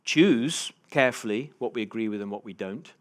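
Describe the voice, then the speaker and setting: A man giving a motivational keynote to a live audience, telling personal stories with big swings between hushed and loud delivery. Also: fairly low pitch, moderate pace. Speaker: keynote speaker. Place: conference stage before a live audience.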